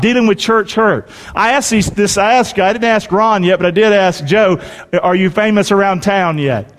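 A man's voice: sits high, big-room sound. A man preaching a sermon in a church, emphatic and folksy, calling on the congregation to answer him. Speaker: pastor. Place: church sanctuary.

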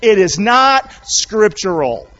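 Loud high-voiced preacher man. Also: big pitch swings, slow pace, highs cut off. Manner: loud call-and-response preaching, rising to shouts. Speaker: pastor. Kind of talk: sermon.

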